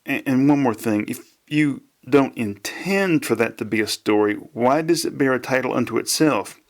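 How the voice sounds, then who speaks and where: A man's voice: mid-range voice, animated, moderate pace, lightly acted. A man voicing a fussy man asking hesitant, pedantic questions. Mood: puzzled.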